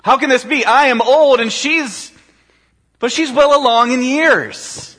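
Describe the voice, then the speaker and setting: A flustered old man blurts out his disbelief in a high, strained voice, as a man puts him on. He stammers and trips over his words. Long reverb trails behind him. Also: measured pace, bright, forceful tone, heavily acted. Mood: incredulous. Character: doubting elderly man, flustered.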